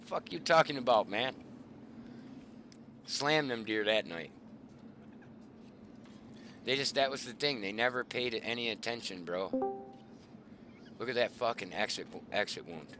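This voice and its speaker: A middle-aged man, the host, casually telling hunting stories in a profane, animated way. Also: on the low side, unhurried, pauses often, background noise. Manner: profane, animated, swearing often. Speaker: show host.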